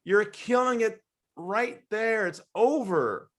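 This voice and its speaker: A middle-aged Australian man telling sales stories in an interview, animated, often acting out the voices of the people in them. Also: high-pitched, slow. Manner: animated storyteller, acts out quoted voices, laughs often. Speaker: sales trainer guest. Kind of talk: storytelling interview talk.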